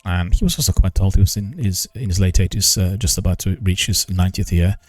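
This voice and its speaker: Older male streamer, deep voice, halting formal delivery, dry close sound. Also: a little mellow, dry recording, soft background music. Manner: slow, halting, many ums and restarts; careful, formal enunciation. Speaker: gaming news streamer. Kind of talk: casual live-stream chat.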